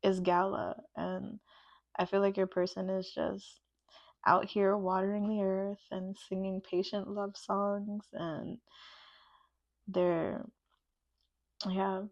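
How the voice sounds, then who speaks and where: A woman's voice: mid-range voice, little pitch movement, slow pace, long pauses, no echo, muffled recording. A woman giving a pick-a-card tarot reading, gushing and emotional and full of "like" fillers. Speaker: tarot reader.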